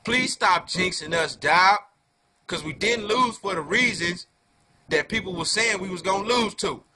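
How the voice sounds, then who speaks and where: A man giving a heated fan rant to camera, full of profanity and street slang, dropping low then flaring into loud outbursts. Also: a little slow. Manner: profane slangy talk, keeps calling listeners "dog"; swings from low muttering to loud angry outbursts. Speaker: fan video reviewer.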